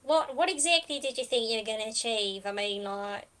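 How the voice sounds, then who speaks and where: Woman doing chirpy bandit guys, kinda high, bouncy. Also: lively intonation, brisk, fairly bright tone. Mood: smug. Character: cheeky male bandit henchmen, pleased with themselves.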